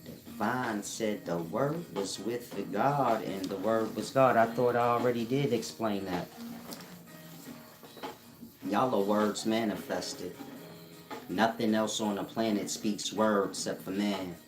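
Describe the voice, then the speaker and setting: A man giving a casual spiritual teaching monologue, drawling slowly and using street slang. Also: on the low side, over music. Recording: roomy echo.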